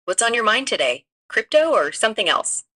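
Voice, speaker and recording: A woman's voice: fairly high pitch, sing-song, brisk, sharp tone. A text-to-speech woman's voice acting as a casual, eager-to-help assistant. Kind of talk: chatty synthetic assistant.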